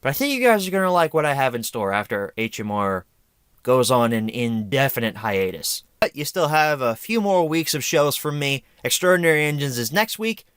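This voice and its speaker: A man hosts a review vlog in a casual, opinionated, chatty way, poking fun at himself. His pitch moves around a lot, and the recording sounds dry and close. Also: very animated, normal speed, a bit bright, clean tone, no room sound. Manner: chatty, opinionated, self-deprecating. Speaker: host of a home media review show.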